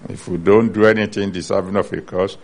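A man's voice: low voice, steady tone, a little fast, gravelly. A man preaching a sermon, earnestly teaching from the Bible and citing chapter and verse.

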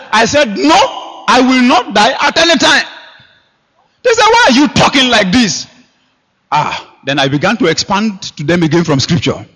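A man preaching a sermon, emphatic, with sharp rises and quiet drops. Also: fairly high pitch. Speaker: pastor. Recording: long hall reverb.

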